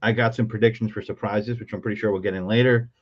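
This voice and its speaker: A man's voice: fairly low pitch, steady tone, quick pace. A man joining a sports podcast as a guest, chatting casually and joking with many ums. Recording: dull lo-fi remote call audio.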